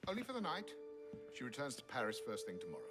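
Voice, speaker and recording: A man's voice: medium pitch, huge pitch swings, quick pace, loud music behind the voice. An actor playing a formal, stern guardian in a game who scolds his young ward. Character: stern male guardian, firm and proper.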